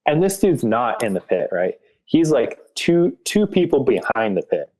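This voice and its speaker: A man guesting on a podcast tells a story in a loose, rambling way. He keeps reaching for filler words as he goes. His voice sits at an ordinary middle pitch. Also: sing-song, measured pace, darkish tone. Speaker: podcast guest, graphic artist. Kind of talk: casual storytelling in an interview.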